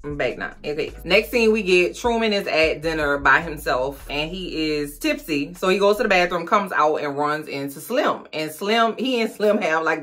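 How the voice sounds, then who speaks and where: Sassy chatty woman recapping a show. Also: deep voice. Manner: sassy, chatty and animated, with quick asides. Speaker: recap vlogger. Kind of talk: casual TV recap chat.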